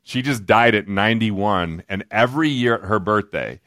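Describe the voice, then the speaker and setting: A man from Utah, a podcast guest, telling stories in an animated, joking way. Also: on the low side, dry recording, clean studio sound. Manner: animated, jokey, quoting others in quick asides. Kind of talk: casual storytelling.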